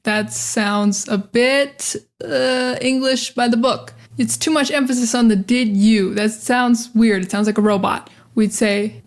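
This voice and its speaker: A young American woman leads a pronunciation lesson with a fairly high voice. She drills each phrase by saying it again and again, direct and energetic. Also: measured pace. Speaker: English pronunciation teacher.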